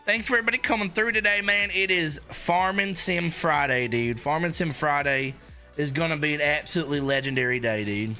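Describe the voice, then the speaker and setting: A man's voice: fairly high pitch, a little fast, sharp tone, faint music behind. A young man hosting a live stream in casual chat, hyped and rambling, with lots of filler words.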